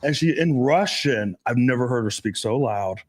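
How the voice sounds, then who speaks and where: A man in a casual podcast chat who talks bluntly and swears freely. His voice sits at an ordinary mid pitch, and he tells stories loosely with laughs. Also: animated, normal speed. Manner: profane, blunt, storytelling with laughs. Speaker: dating coach, podcast host.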